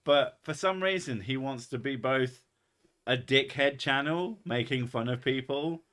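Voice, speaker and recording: A man's voice: mid-range voice, measured pace, fairly bright tone. A man with an English accent, a mix of posh and Essex, joking and swearing in casual stream chat. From England.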